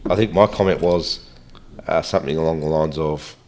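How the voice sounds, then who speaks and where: Low-voiced man hosting a podcast. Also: a little fast. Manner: relaxed, brief affirmations, follow-up questions. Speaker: podcast host. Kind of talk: casual interview.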